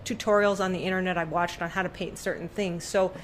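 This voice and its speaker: A middle-aged woman, a podcast guest and artist, telling a story in conversation and acting out the voices she quotes with sudden jumps in pitch, in a room hung with her paintings. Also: fairly even intonation, quick pace, slight background noise.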